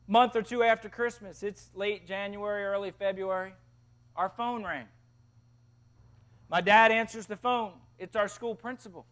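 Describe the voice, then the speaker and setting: Male preacher, very high voice, animated storytelling sermon, hushed to loud. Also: moderate pace. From Tennessee. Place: chapel service.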